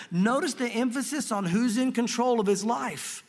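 A man teaches from the Bible in an earnest, emphatic sermon, often restarting his phrases in his enthusiasm. His voice sits high for a man. A long reverb trails behind each phrase. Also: moderate pace, hardly any pauses. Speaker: pastor.

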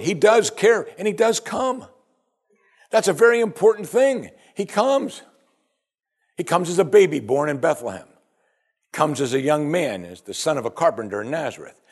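Husky-voiced preacher with lively pitch. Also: male voice, moderate pace. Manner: animated, rhetorical questions to the congregation. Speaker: pastor. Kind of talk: sermon.

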